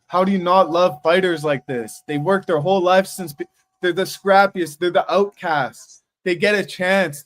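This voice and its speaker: Casting: male streamer, slightly higher voice, loose excitable fight reactions, repeats lines. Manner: excited, emotional, repeats himself. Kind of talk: casual live reaction commentary. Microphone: streaming setup mic.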